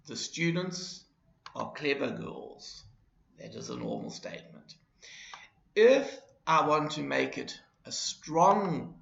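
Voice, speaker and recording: A man teaching a grammar lesson, explaining slowly and deliberately and repeating his examples. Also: mid-range voice, vocal fry, fairly bright tone. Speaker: English teacher. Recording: dull, roomy lesson recording.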